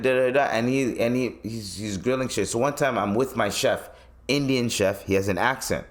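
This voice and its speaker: A man from East Africa, hosting a podcast and telling stories in a profane, animated rant. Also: medium pitch, normal speed. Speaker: podcast host.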